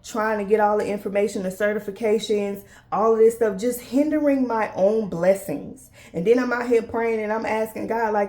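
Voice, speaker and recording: A woman's voice: medium pitch, moderate pace, few pauses, darkish tone. A woman in her thirties hosting a faith-based talk, casually addressing listeners as y'all and acting out dialogue with God and others. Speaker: podcast host.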